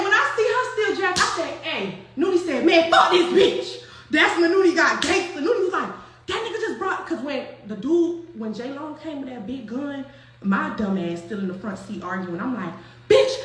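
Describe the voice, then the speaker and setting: High-voiced young woman telling a story. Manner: animated, profane, slangy, with many restarts. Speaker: storyteller recounting a night out. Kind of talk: casual storytelling to an online audience. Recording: roomy echo.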